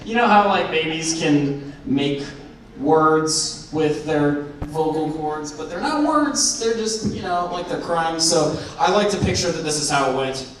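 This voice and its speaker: A man's voice: a little high, animated, unhurried, a bit bright. A nineteen-year-old man from Arizona doing a rambling, self-mocking stand-up set in a comedy club, recorded by a far-off camera. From Arizona, USA. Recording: far-off echoey club with crowd and noise.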